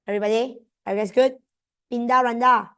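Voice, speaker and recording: A woman's voice: a little high, fairly even intonation, brisk, a bit bright, clean tone. A young woman with a Malaysian accent tutoring students online, switching between English and Malay as she coaxes them through exam answers. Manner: mixes English with Malay terms, coaxing students. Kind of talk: online exam revision class.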